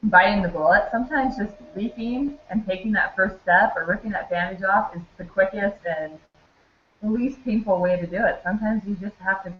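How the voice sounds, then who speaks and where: A woman guest author on a video call, talking in a giggly, animated way in casual chat. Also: medium pitch, moderate pace, a little hiss or hum. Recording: echoey, dull video call audio.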